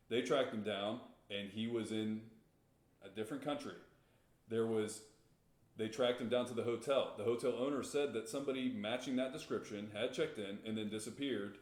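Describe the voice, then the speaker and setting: A man's voice: mid-range voice, moderate pace, a little mellow, reverberant. A man co-hosting a podcast, casually retelling a story with rambling restarts and chuckles. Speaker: podcast co-host.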